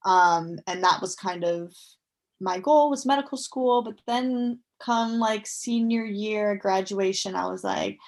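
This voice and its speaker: A woman's voice: medium pitch, slow. Chatty young woman. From United States. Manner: chatty, frequent fillers, upbeat. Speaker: guest, professional athlete. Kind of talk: casual interview chat.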